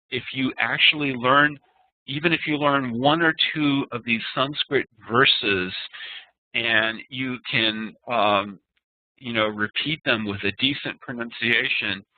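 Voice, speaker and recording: A man teaching an online class, explaining terms and slowly chanting Sanskrit verses. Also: mid-range voice, no echo. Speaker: Ayurveda teacher. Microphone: video call. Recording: tinny phone-like web call audio.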